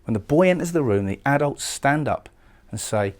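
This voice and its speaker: A man's voice: medium pitch, animated, normal speed. A man giving a recorded poetry lecture, explaining lines of a poem and often repeating words as he goes. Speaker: literature lecturer.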